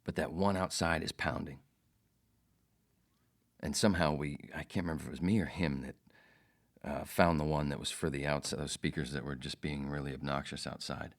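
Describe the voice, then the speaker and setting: Low-voiced profane podcast host. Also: male voice, steady tone, moderate pace. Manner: profane, rambling, jokey. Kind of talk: casual storytelling monologue.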